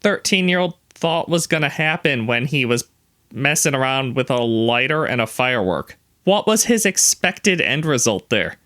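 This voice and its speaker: A young adult man co-hosts a casual podcast chat. His voice is bright and forward at a middle pitch. He reacts to each story with wry, questioning remarks. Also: very animated, moderate pace. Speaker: podcast co-host.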